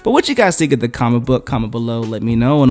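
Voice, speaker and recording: A man's voice: medium pitch, big pitch swings, fast talker, darkish tone, faint music behind. A man casually recapping a comic book story, joking as he goes.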